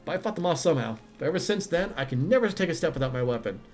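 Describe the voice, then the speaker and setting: A man's voice: a little high, expressive, very fast, a little mellow, faint music behind, natural voice. A man voicing a boastful, cheeky young female paladin telling a camp story.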